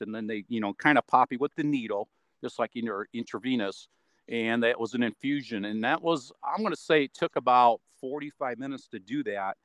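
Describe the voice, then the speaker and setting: A man's voice: mid-range voice, fairly bright tone, dry recording. A man talking in a loose, rambling way as an interview guest, with many fillers along the way. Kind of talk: casual spoken account.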